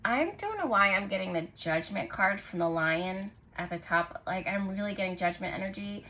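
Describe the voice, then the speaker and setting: A woman hosting her own channel, giving a casual tarot reading to camera in a soft, musing way, often pausing to say what she senses. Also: mid-range voice, lively intonation. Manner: musing, intuitive, lots of "like" and "I just heard". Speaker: tarot reader and channel host.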